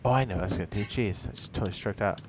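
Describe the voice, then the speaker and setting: A man's voice: low voice, very fast, background noise. Rambling, profane man streaming a game. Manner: rambling, profane, laughs at his own jokes. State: tired. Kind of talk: casual stream commentary.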